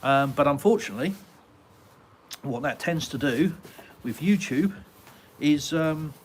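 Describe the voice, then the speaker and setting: A man's voice: fairly high pitch, lively intonation, measured pace, a little hiss or hum. An English man from Britain hosting a casual live Q&A from his garden, rambling and chatty with many ums and uhs as he reads viewer comments aloud. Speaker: live-stream host answering viewer chat.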